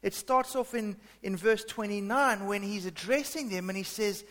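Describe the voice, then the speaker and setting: High-voiced preaching man, reverberant hall. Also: normal speed, a bit bright. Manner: conversational with frequent fillers and restarts. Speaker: pastor. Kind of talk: sermon. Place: church hall. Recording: long reverb of a large hall.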